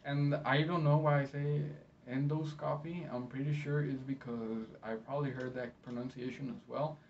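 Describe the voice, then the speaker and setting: A friendly, encouraging man, a medical interpreter, gives an educational talk to camera in a mid-range voice with a flat delivery, often pausing mid-sentence. The recording is slightly distant, with a dull lo-fi sound and faint noise.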